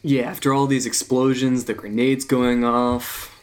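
A player in a tabletop game, easygoing and quick to laugh softly. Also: mid-range voice, level tone. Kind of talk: casual tabletop play.

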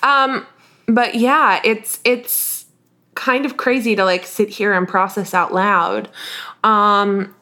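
A woman from the northern United States co-hosting a podcast, talking candidly in a confessional, halting way with frequent restarts. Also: mid-range voice, steady tone, sharp tone. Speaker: podcast co-host. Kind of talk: candid casual chat.

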